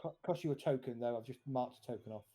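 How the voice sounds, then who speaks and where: Quick, playful game master, mellow tone. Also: male voice, mid-range voice, soft background music. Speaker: dungeon master. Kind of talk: narrating a tabletop game.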